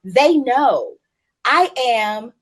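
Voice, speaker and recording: A woman with a high, lively voice hosts a relaxed chat. She talks bluntly, swears freely and acts out other people's texts with big swings in pitch. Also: very slow. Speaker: host. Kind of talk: casual chat.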